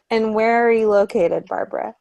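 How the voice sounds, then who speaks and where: Easygoing lady hosting a zoom intro round, bit of vocal fry. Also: a little high, darkish tone, muffled recording. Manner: friendly and chatty, quick to laugh. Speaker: meeting facilitator. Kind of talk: casual group introductions on a video call. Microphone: video call.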